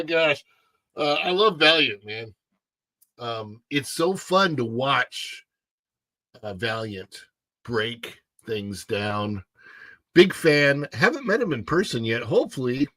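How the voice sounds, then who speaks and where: A man's voice: mid-range voice, sing-song, measured pace, a bit bright, no echo. A middle-aged man hosting a casual livestream, chatting and reading viewer comments aloud. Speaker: livestream host.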